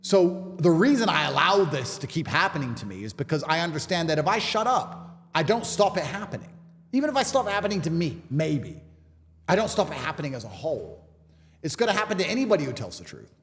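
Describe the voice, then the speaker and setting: A man's voice: a little high, sing-song, a little fast, vocal fry, big-room sound, slight background noise. A man from England, a guest talking with emphatic, repetitive rhetoric in a podcast conversation. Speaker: interview guest.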